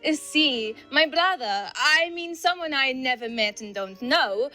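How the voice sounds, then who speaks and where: A woman's voice: high-pitched, animated, measured pace, bright, forceful tone, faint music behind, pitched above the performer's own voice, exaggerated voice. A woman playing a boastful older Italian mafia grandmother in a satirical news sketch, with a put-on Italian accent and a shifty, backpedalling manner. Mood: evasive.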